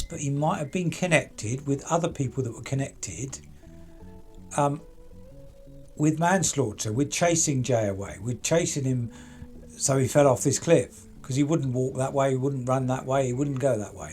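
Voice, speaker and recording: Casual male true crime host, middle pitch, chatty and questioning, faint music under. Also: darkish tone. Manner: chatty, rhetorical, addresses people directly with questions.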